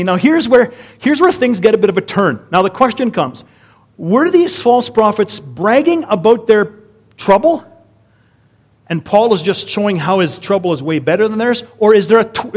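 Lively preacher, man with a higher voice. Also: fairly quick. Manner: lively, asks rhetorical questions, conversational asides. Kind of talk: conversational sermon.

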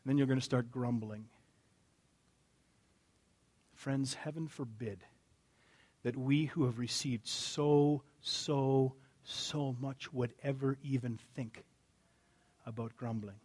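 A male pastor giving an earnest, conversational sermon, dropping his voice low for emphasis. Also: steady tone, slow, a little mellow.

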